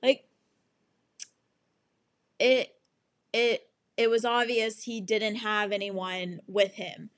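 Slow-talking exasperated young woman. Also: medium pitch, flat delivery. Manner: exasperated, swears freely, acts out quotes. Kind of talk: casual storytime monologue.

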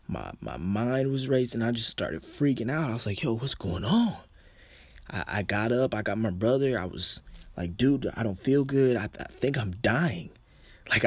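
A man's voice: fairly low pitch, dry recording. A young man telling a personal story to his viewers in a casual, slangy way, full of "like" fillers. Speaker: vlogger.

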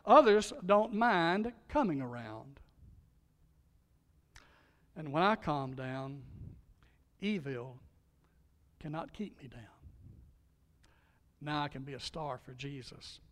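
Speaking in a slightly high voice, a middle-aged pastor and chaplain gives an emphatic sermon, quizzing the congregation and swinging from loud exhortation to hushed softness. The recording carries the long reverb of a large hall.

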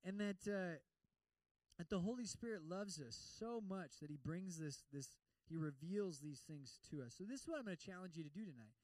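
A male pastor giving a lively sermon, acting out prayers in other voices and slipping in humor. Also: sits high, moderate pace, no echo, distant mic, rough recording.

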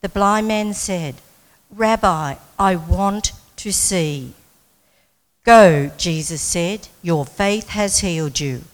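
Female scripture reader, very slow and deliberate, echoing church hall. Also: fairly low pitch. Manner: measured, careful reading. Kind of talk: reading scripture aloud.

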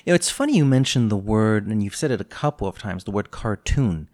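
A man co-hosting a podcast, talking through a spy novel in a casual, jokey, animated way. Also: lowish voice, a little fast. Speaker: podcast co-host. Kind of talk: casual book discussion.

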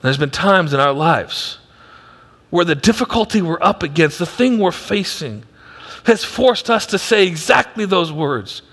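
A male pastor preaching a sermon with emphatic delivery that swings from loud to hushed, in a church auditorium. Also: high-pitched, expressive, a little slow. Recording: long hall reverb.

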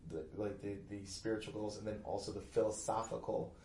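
A man talking casually as a podcast guest, an animated storyteller. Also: lowish voice, a little fast. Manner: animated storyteller, loud put-on family voices. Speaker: podcast guest, comedy writer. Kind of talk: casual chat. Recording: echoey room, faint noise.

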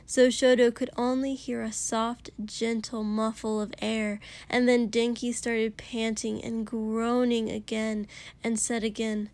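A woman narrating fiction in a soft, hushed voice, often near a whisper. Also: fairly high pitch, little pitch movement, a little slow. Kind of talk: audiobook reading of fiction.

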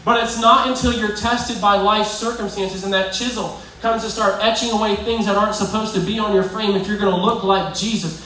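A man's voice: high voice, steady tone, a little fast, few pauses, sharp tone, slight background noise. A man preaching a conversational, provoking sermon to young people, often asking the crowd questions. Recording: very echoey hall, voice from far off.

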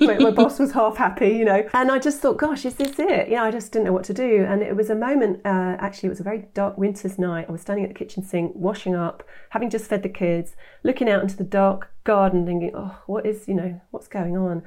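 A woman in her fifties, a nutritionist guest telling her story in an animated way, acting out quoted voices. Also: medium pitch, quick pace, few pauses. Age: 50s. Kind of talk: interview storytelling.

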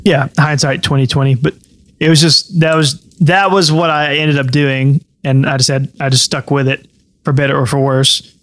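Flat-voiced man chatting on a podcast. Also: mid-range voice, normal speed. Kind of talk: casual podcast chat.

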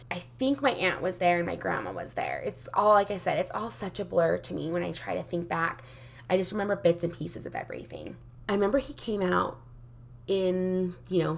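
A woman's voice: on the low side, vocal fry. A woman telling a painful personal story in casual, candid speech, full of "like" fillers. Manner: frequent "like" fillers, candid and emotional.

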